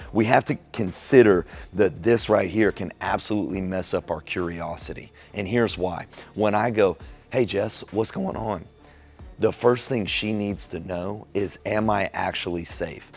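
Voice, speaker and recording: Deep-voiced man giving an animated talk. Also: creaky. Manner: animated storyteller acting out quoted dialogue. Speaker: relationship talk host. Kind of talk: casual motivational talk.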